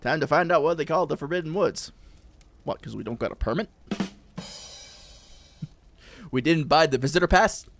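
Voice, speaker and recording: A man's voice: fairly high pitch, normal speed, pauses often, a bit bright, slight background noise. A young man chatting and joking through a gaming stream, laughing often. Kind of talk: casual gaming stream chat.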